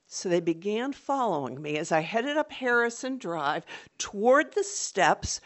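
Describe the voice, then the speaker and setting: A woman's voice: mid-range voice, very animated, unhurried, hardly any pauses. A woman telling a personal story on stage, vivid and dramatic.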